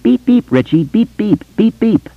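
A man's voice: high voice, sing-song, no room sound, narrow, tinny audio, voice pushed up, heavily acted. A man doing a careful, solemn grown man. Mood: high mocking chant. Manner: measured, solemn.

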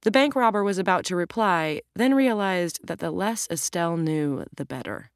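Measured female audiobook narrator, dry sound. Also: lowish voice, lively intonation, no echo. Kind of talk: scripted narration.

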